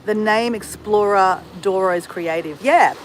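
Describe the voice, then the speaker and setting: Out in the sun, a woman with an Australian accent chats casually on her livestream, welcoming viewers and responding to what they write. Her pitch is medium and her pace a little slow. Slight background noise and low quality mar the recording.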